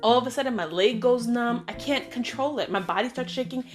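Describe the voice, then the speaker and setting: A middle-aged woman hosts her own vlog and tells personal stories in a casual, lively way. Her voice sits a little high, and she slips into other people's voices as she recounts what they said. Clear music plays behind her. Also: a little fast. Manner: animated, acts out friends' voices and lines. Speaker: vlog host. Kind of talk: casual storytelling monologue.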